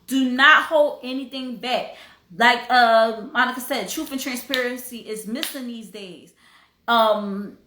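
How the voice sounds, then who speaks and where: A woman's voice: on the high side, a little slow, sharp tone, echoey room, slight background noise. A woman hosting a casual livestream, talking in an emphatic, preachy way and sometimes breaking into song. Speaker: host.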